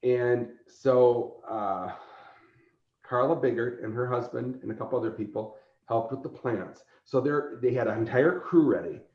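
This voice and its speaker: A man telling convention stories in casual chat, lively and laughing, acting out quotes. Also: medium pitch, measured pace. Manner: animated, laughing, acts out quoted voices. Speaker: convention organizer, podcast guest. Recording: roomy, dull lo-fi sound.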